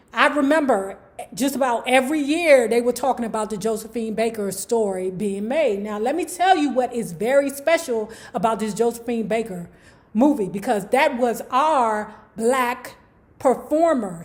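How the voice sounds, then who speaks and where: A woman telling celebrity gossip and stories in a chatty, slangy, animated way. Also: a little high. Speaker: YouTube gossip commentator. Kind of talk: casual gossip storytelling.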